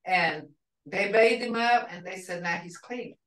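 An older woman teaching a language class, telling a family story in a rambling, warm-hearted way with restarts. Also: lowish voice, measured pace, recorded from a distance. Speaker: language instructor. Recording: roomy sound from off the mic.

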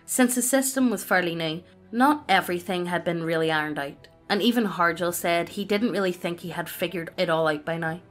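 A woman reading a personal story aloud as scripted narration, in a steady, even delivery. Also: fairly low pitch, a little fast, few pauses, soft background music.

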